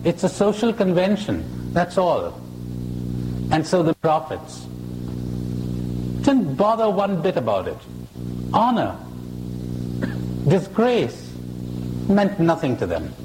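Slow, animated man giving a spiritual talk. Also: a little high, noisy background. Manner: slow, emphatic, playful with rhetorical questions. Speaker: spiritual speaker. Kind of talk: live spiritual talk to an audience. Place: hall with an audience.

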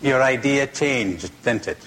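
A man's voice: medium pitch, expressive, a bit bright, a little hiss or hum. A man giving a spoken talk, blunt and teasing, asking rhetorical questions and telling jokes. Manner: blunt, teasing, drawn-out delivery, tells jokes.

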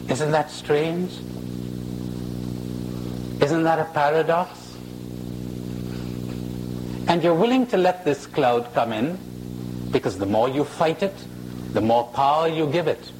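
Slow, animated man giving a spiritual talk. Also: fairly high pitch, background noise. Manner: slow, emphatic, playful with rhetorical questions. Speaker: spiritual speaker. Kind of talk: live spiritual talk to an audience. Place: hall with an audience.

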